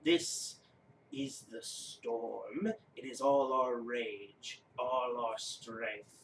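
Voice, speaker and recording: A man voicing a solemn old male giant who carves runes, speaking slowly and gravely. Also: mid-range voice, steady tone, echoey room, recorded from a distance, a little hiss or hum, rough recording. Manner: slow, grave, measured.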